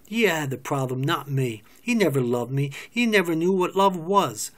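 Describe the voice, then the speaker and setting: A man's voice: mid-range voice, normal speed, close to an everyday voice. This is a bitter, desperate woman, read by a man in a play reading. She sounds anguished, and her hurt keeps erupting into raw fury. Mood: bitter outburst. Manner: anguished, outbursts of raw anger.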